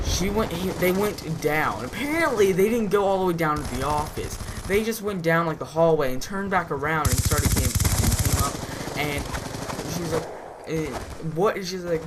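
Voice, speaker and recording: A man's voice: on the high side, very noisy. A teenage boy hosting a gaming channel, telling a school story in a casual, rambling way with lots of fillers and restarts. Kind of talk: casual storytelling over gameplay. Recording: loud game gunfire behind the voice. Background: loud video game gunfire and shooting.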